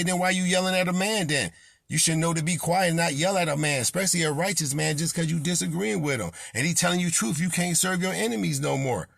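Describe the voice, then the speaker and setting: A man's voice: fairly high pitch, vocal fry, fairly bright tone, slightly rough, dry recording, clean studio sound. A man preaching an impassioned sermon as a self-styled prophet, scolding and confronting his listeners with repeated rebukes.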